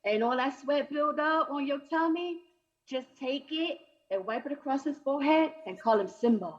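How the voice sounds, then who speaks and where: A woman's voice: high voice, normal speed, lo-fi sound. A woman doing a brash, chatty stand-up comedy set over a video call. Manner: brash, chatty, punchy delivery.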